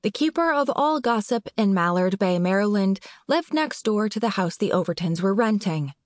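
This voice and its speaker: A woman narrator reading an audiobook in a measured, clear way. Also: mid-range voice, lively intonation, dry recording, clean studio sound. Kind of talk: scripted narration.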